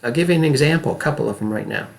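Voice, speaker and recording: A man's voice: mid-range voice, expressive, racing, vocal fry. A middle-aged man who works as an acting coach, giving an earnest, emphatic lesson straight to camera and often checking in with the viewer.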